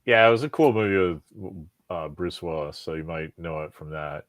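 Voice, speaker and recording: A man hosting a podcast, talking in a rambling, profane, animated way with lots of restarts. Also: sits low, normal speed, no room sound. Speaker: podcast host. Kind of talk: casual chat.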